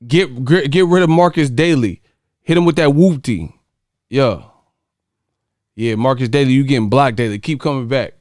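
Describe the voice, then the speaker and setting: A man's voice: medium pitch, normal speed, pauses often, a little mellow, no room sound, clean studio sound. A man hosting a casual livestream chat, joking with viewers and breaking into sung snippets and movie impressions. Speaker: livestream host.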